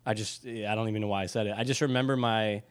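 A man's voice: lowish voice, fairly even intonation, rapid-fire. A man co-hosting a podcast, telling rambling stories in casual chat and acting out the dialogue. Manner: rambling storyteller, acts out dialogue. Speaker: podcast co-host.

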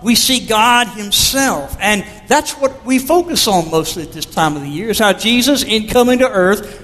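High-voiced pastor preaching slow, long echoey church reverb. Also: male voice, animated, a bit bright. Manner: measured, storytelling preacher. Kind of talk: sermon. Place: church sanctuary.

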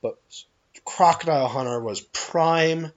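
A man's voice: on the high side, a little slow, lo-fi sound. Rambling young man, podcast co-host. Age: 20s. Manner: rambling, many restarts, animated storytelling. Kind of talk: casual chat.

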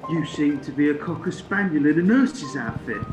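A man's voice: a little high, expressive, moderate pace, close to an everyday voice. A man playing a self-pitying wounded young soldier, whining melodramatically in a spoof film clip. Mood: melodramatic. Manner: melodramatic, whiny. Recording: echoey film clip with music behind.

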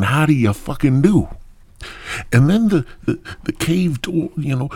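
A man hosting a podcast, telling a crude comic story full of swearing, dropping into hushed whispers and rising to loud outbursts. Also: mid-range voice, husky. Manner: profane, swings between loud and hushed whispers. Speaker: podcast host.

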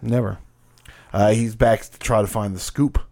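A man's voice: fairly low pitch, steady tone, moderate pace, creaky, warm tone. Crude-joking podcast co-host man. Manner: crude jokes, loose banter, swearing. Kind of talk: casual wrestling recap chat.

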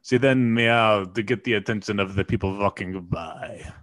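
A man reading a story aloud in a put-on mock Russian accent, playful and deadpan. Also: lowish voice, moderate pace, dry recording, natural voice. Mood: mock-serious.

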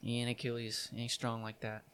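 A man's voice: medium pitch, completely flat delivery, a little fast, fairly bright tone, smooth. A young man who is a guest on a podcast, chatting in a loose, slangy, rambling way. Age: young adult. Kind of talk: casual chat.

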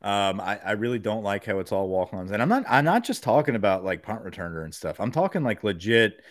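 Profane, animated male podcast co-host. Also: lowish voice, fairly quick, no echo, clean studio sound. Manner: animated, profane, rambling with fillers. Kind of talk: casual sports chat.

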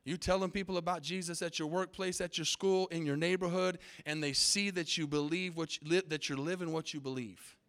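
A man's voice: fairly high pitch, fairly even intonation, brisk, hardly any pauses, fairly bright tone. A middle-aged man preaching a sermon as pastor from the pulpit, emphatic, with call-and-response to the congregation. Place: church sanctuary.

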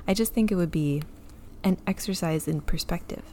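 A woman's voice: lowish voice, moderate pace, mellow, a little hiss or hum. A woman co-hosting a casual book chat, wry and laughing as she gives recommendations. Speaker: podcast co-host. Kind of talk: casual chat about books.

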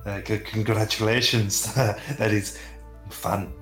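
A man voicing a self-styled brooding adventurer who speaks formally and deadpan. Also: lowish voice, takes it slowly, faint music behind.

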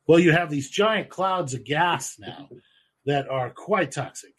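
A man in casual podcast chat, swearing freely and rambling through fillers in an animated, husky voice. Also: on the high side, a little slow.

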